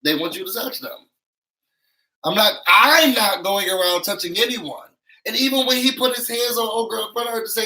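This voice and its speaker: A YouTube reviewer with a high voice recaps a reality show at a normal pace, sassy and animated, acting out what cast members said and adding emphatic asides to viewers. The recording quality is low.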